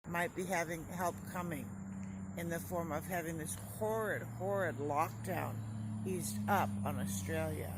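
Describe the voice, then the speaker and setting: Older woman, phone video, outdoors, rambling, tired, noisy background. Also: fairly low pitch. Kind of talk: self-recorded phone video message.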